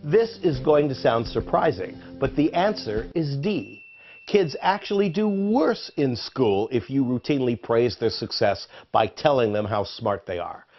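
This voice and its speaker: A man's voice: medium pitch, expressive, a little slow. A man narrating an educational video in a playful quiz style. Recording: dull lo-fi audio with faint music.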